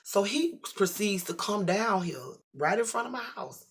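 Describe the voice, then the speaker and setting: A middle-aged vlogger tells the camera a story in a casual, animated, profane way, acting out its voices. The voice is mid-range and slightly rough, at normal speed.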